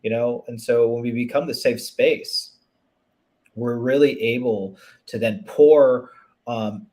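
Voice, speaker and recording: A man's voice: mid-range voice, steady tone, slow pace, mellow. Earnest man, reflective relationship coach. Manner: earnest and reflective, many restarts and "you know" fillers. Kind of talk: conversational interview.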